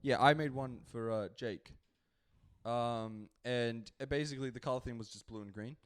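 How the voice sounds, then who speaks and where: A young man chatting casually as a podcast guest, trading deadpan jokes with his brother. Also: mid-range voice, moderate pace, smooth. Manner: deadpan, joking. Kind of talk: casual chat.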